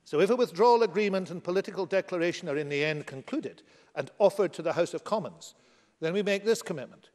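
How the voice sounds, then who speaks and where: A man delivers a formal statement to parliament, his voice pitched a little high and carrying forcefully. The long reverb of a debating chamber trails each phrase. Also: animated, quick pace. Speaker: government minister.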